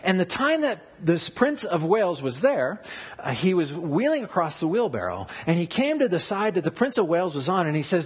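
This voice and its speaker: A man preaching a sermon, explaining word meanings and telling stories in an animated way. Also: high voice, fairly quick, husky. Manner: animated storytelling with wordplay and asides. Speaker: pastor.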